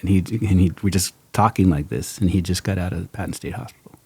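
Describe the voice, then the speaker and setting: Middle-aged male host, low husky voice, dry close sound, animated storyteller. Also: fast, dry recording. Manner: animated storyteller, acts out quotes, laughs often. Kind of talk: casual storytelling chat.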